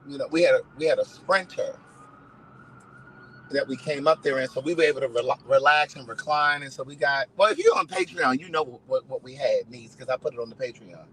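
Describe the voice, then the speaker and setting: A man hosting a casual live stream, telling stories in an animated way and swearing freely. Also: medium pitch, brisk, slight background noise, low-quality recording. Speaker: host.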